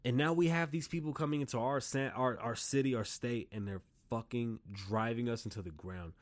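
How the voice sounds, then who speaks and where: A man's voice: medium pitch, a little fast. A man from Las Vegas hosting his own podcast, talking in a blunt, profane monologue. He argues his opinions hard, and his voice rises in heated bursts when a point gets to him. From Las Vegas, Nevada. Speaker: podcast host.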